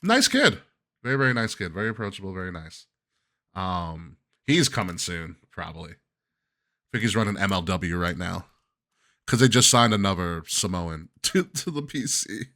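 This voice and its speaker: Bright-voiced man chatting on a podcast. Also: sits low, very animated, normal speed. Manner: laughs often, loose and jokey. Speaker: podcast host. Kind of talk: casual chat.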